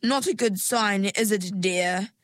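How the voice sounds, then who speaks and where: A woman voicing a sly, sugary female sea creature who speaks slowly with sweet menace. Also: medium pitch, no echo, natural voice. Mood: syrupy. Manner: sweetly menacing, slow and syrupy.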